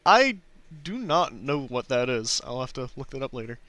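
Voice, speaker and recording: A man's voice: medium pitch, very animated, moderate pace, bright, forceful tone, dry recording. A man casually chatting on a drawing livestream, easygoing and self-deprecating, chuckling often as he answers chat. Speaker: artist streaming drawing requests and Q&A.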